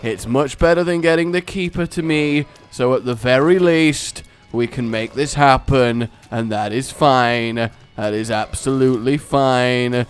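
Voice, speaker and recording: A man giving let's play commentary, exasperated and given to sudden shouts and fits of laughter. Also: medium pitch, unhurried, few pauses, clean tone. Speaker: gaming commentator.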